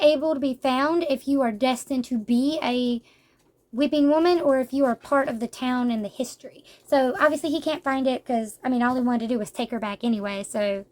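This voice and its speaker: High-voiced chatty woman reviewing manga. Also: darkish tone. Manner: chatty, rambling retelling with frequent fillers. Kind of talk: casual book review.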